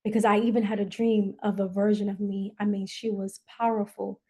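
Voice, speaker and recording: A woman's voice: mid-range voice, flat delivery, brisk, dark tone, husky. A woman who hosts a coaching podcast, telling a personal story in an earnest, emotional way and holding back tears. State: near tears. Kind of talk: personal reflective monologue.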